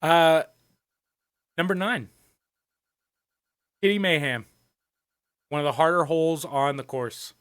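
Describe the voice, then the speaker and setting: A man's voice: a little high, slow pace, long pauses, a bit bright, dry recording, clean studio sound. A young man co-hosting a podcast, talking in a loose, joking way with a lot of swearing and laughter. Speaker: podcast co-host. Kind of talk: casual chat.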